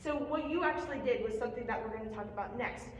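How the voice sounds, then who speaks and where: A woman's voice: a little high, fast talker, over loud music. Encouraging young woman teaching drums. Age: young adult. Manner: patient, encouraging, step-by-step instructions. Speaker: percussion teacher. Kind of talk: hands-on music lesson. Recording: echoey room, mic far off.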